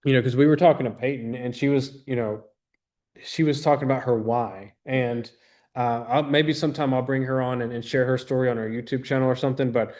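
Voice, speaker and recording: Brisk and steady, with a mid-range, darkish voice, a business trainer in his thirties addresses an audience. His motivational talk is earnest and rambling, full of restarts and quotes he acts out.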